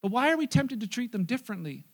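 High-voiced man preaching a lively sermon. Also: fast talker, creaky. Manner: animated storytelling, acts out diners and waiters. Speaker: pastor.

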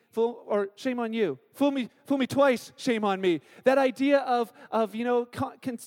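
A man in his thirties preaching a sermon as a pastor, telling stories with animated acted-out quotes. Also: very high voice. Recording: long hall reverb.

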